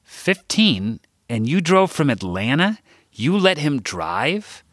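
A man voicing an exasperated adult woman in an audiobook, firing sharp, accusing questions. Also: on the high side, lively intonation, moderate pace, dry recording, clean studio sound, pitched above the performer's own voice. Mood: incredulous.

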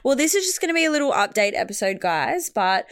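A woman's voice: a little high, sing-song, quick pace, clean tone. A young Australian woman co-hosting a podcast, chatting in an upbeat, encouraging and reflective way. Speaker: podcast co-host. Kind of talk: casual chat.

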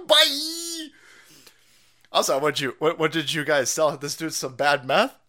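A man's voice: a little high, normal speed. A man hosting a livestream, ranting with profanity and mockery. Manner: profane, mocking, animated. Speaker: stream host. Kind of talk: livestream rant commentary.

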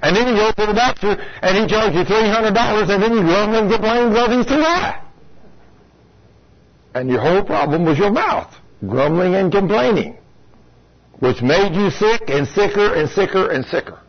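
A lo-fi radio broadcast carries a man's folksy, direct sermon to his congregation, complete with acted-out complainers. His high-pitched voice has lively intonation and moves at a moderate pace.

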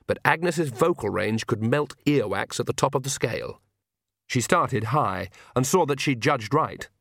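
Casting: male audiobook narrator, mid-pitched, close and dry studio sound. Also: expressive, measured pace, vocal fry, fairly bright tone, no room sound. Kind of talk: scripted narration.

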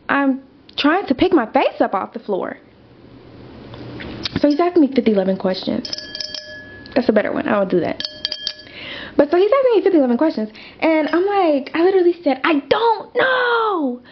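Young woman host, higher voice, casual emphatic storytelling, dull lo-fi sound. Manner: animated, emphatic, conversational with many fillers. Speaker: podcast host. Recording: dull lo-fi audio.

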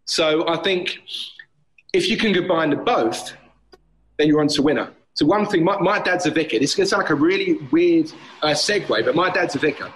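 A man's voice: on the high side, a little fast, low-quality recording. A man, a personal trainer and gym owner, chatting on a podcast and acting out gym banter as he tells stories. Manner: animated storyteller, acts out gym banter. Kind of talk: casual podcast chat. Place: outdoors on a street. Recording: faint street noise behind.

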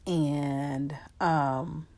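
A middle-aged woman telling a personal story in a heartfelt, emotional way, pausing often with fillers and addressing her listeners as y'all. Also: low voice, fairly even intonation, darkish tone.

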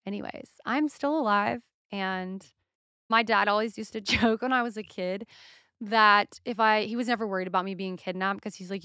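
Woman podcast host, young adult, bright tone, dry close sound, swears freely. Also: mid-range voice, normal speed, no room sound. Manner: profane, animated storytelling. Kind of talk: casual solo rant.

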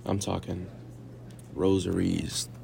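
Young man, very low pitch, heavy vocal fry, casual rambling chat, filler-heavy. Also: little pitch movement, slow pace, mellow. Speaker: interviewee. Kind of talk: casual conversation.

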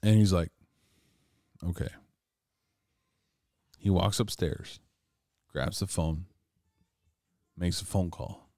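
Man, low-pitched, dry close sound, drunk rambling storyteller who swears constantly. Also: takes it slowly, long pauses, dark tone, no echo. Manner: profane, rambling, laughing between lines.

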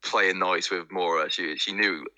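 A man with a low voice and a very bright tone chats on a podcast. He talks casually and often ends with tag questions like "didn't he?". The sound is close and dry. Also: steady tone, unhurried, no room sound. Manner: chatty, asks for agreement with tag questions. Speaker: podcast guest. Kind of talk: casual chat.

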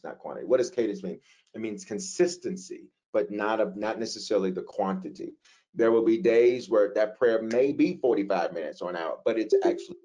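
A male pastor answers questions about prayer in a relaxed teaching session. His voice sits on the lower side, and he talks with the easy, animated pull of a preacher, tossing rhetorical questions back at his listeners.

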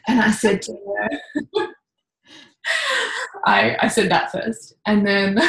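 A woman coach telling a candid personal story in a casual, lively way, with mild swearing. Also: medium pitch, slow pace, creaky, pauses often, reverberant, low-quality recording. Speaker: intuitive coach, podcast guest.

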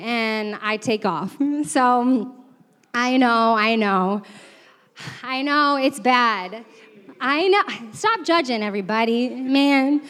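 A young woman preaching with a chatty, self-mocking story, laughing often and leaning on fillers. Her voice sits fairly high. Long reverb trails off each phrase, as in a large church hall. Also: slow, a bit bright, clean tone. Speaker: church staff speaker. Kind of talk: storytelling sermon.

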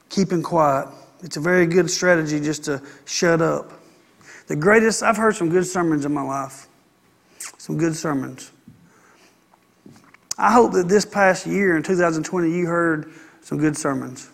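A man's voice: high-pitched, gravelly, fairly bright tone. A middle-aged man, a pastor preaching a sermon in a folksy, conversational way with playful asides.

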